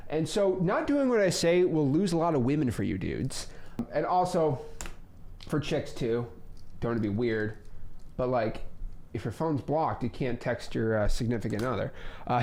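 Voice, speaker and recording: A young man teaching a casual course on real estate wholesaling, joking and rambling into asides, with sudden loud bursts. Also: on the high side.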